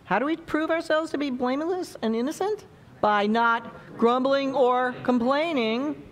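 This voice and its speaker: A woman's voice: high voice, measured pace. A woman preaching a sermon in a church, playful and chatty, acting out little quotes as she goes.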